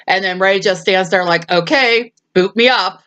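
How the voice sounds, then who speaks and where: A woman's voice: medium pitch, normal speed, fairly bright tone, clear, resonant tone, dull audio. Chatty woman recapping a movie. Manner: chatty, retells scenes and acts out quoted lines; laughs often while talking. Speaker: movie review host. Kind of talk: casual movie recap chat.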